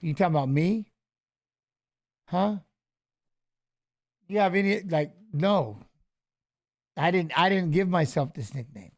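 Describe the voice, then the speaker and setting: A middle-aged former fighter hosting a casual live stream, rambling through stories and swearing freely. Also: male voice, a little high, animated, slow, long pauses. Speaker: show host and former fighter.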